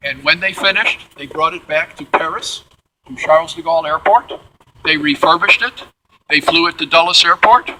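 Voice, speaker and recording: A man leads a museum tour in a big hangar, spinning lively anecdotes. His voice is high and bright. A faint hum of background noise sits under it. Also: moderate pace, poor audio. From Midwestern United States. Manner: animated, acts out quotes in character voices. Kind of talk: storytelling tour talk. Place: large museum hangar, indoors.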